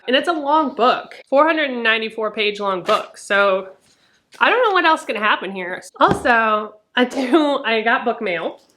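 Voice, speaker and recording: Bright, chatty young woman book vlogger. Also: a little high, animated, moderate pace, a little hiss or hum. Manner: chatty, peppered with "like", swears freely. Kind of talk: casual book review chat.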